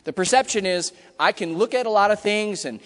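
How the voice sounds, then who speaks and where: A high-pitched man delivers a punchy, emphatic keynote in a large hall with long reverb. He is middle-aged and acts out customer quotes in quick asides. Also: animated, a bit bright. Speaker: conference keynote speaker. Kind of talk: energetic conference talk. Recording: hall reverb from a big room.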